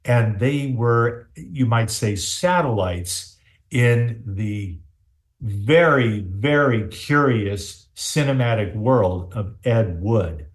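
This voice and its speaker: A man hosting a podcast interview, asking long, winding questions in a slow, deliberate way. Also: on the low side, animated. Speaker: podcast host.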